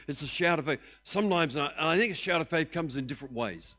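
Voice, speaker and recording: An older Australian man preaching a sermon as pastor, animated and joking in a conversational way. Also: on the high side, fast.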